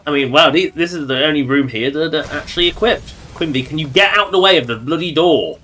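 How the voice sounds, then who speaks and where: A man's voice: a little high, fairly quick, sharp tone. A man giving casual, joking commentary while livestreaming a game and talking to its characters. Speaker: streamer.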